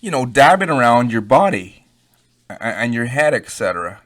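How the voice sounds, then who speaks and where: A man's voice: mid-range voice, big pitch swings, moderate pace, a bit bright, dry recording. A man doing a hearty young bull. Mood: chummy. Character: vigorous young male bull giving advice.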